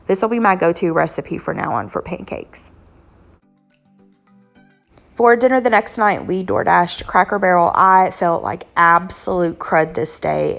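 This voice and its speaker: A woman in her thirties or forties, a cooking channel host, hoarse from illness, chatting casually with lots of ums as she walks through weeknight dinners. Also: on the low side. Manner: chatty, homey, frequent "um" fillers. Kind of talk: casual cooking vlog narration.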